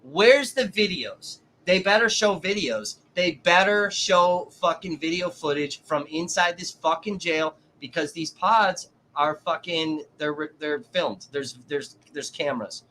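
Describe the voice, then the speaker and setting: A man's voice: fairly high pitch, expressive, a little slow, hardly any pauses, bright, forceful tone, a little hiss or hum. A man hosting a live stream, reacting to court footage in an agitated, constantly swearing rant. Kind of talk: profane live-stream commentary.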